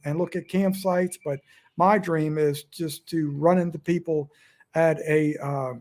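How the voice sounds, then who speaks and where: A middle-aged man with a Northern US accent talks casually into his phone at home. His voice sits a little high and sounds warm and mellow. He meanders and restarts his sentences, poking fun at himself as he goes. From Delaware, USA. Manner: meandering, self-deprecating, frequent restarts. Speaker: outdoors vlogger. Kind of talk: casual rambling talk to camera. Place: at home indoors. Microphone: phone front camera.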